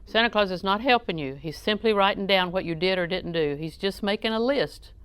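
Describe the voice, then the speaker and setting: A woman's voice: mid-range voice, brisk, a bit bright, clean tone. A woman preaching a sermon in a conversational, joking way, often questioning her audience.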